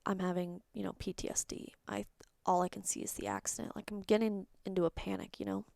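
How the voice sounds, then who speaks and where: A woman's voice: medium pitch, flat delivery, fast, gravelly, a little mellow, no echo, studio quality. A woman hosting a personal solo podcast, talking candidly and rambling, sometimes dropping into a whisper. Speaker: podcast host.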